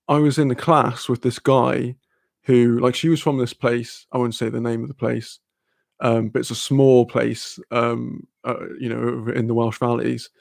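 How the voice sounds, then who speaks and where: A man's voice: medium pitch, creaky, a little mellow, dry recording, studio quality. A young man telling rambling stories and answering chat on a casual live stream, swearing freely between lots of fillers. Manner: reads out and answers chat comments.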